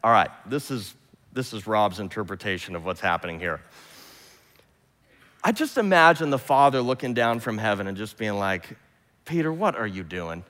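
A man preaching a sermon, retelling scripture with lively, humorous storytelling. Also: lowish voice, normal speed, big-room sound. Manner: animated storytelling, imagines scenes aloud with humor. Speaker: pastor.

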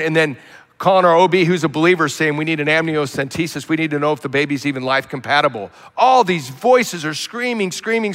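A man preaching a sermon as a pastor, telling stories with animated emphasis and quiet asides. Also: a little high. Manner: animated storytelling, swinging between loud emphasis and quiet asides. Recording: long hall reverb.

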